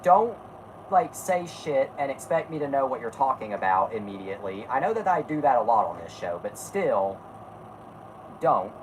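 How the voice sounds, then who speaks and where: A woman's voice: a bass voice, very animated, normal speed, a little mellow, a little hiss or hum, rough recording. A woman hosting a casual podcast, talking bluntly and rambling, stopping to correct herself and swearing freely. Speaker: podcast host. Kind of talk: casual chat.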